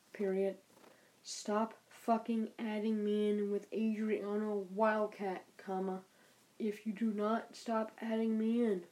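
A woman's voice: medium pitch, mellow, rough recording. A woman angrily dictating a profane message aloud, speaking each punctuation mark as she goes. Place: bedroom at night.

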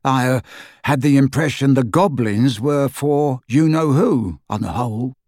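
Ted: a reader doing a mellow, easygoing wizard father. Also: medium pitch, a little slow, no room sound, studio quality, lightly acted. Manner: easygoing, chatty. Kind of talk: audiobook character voice.

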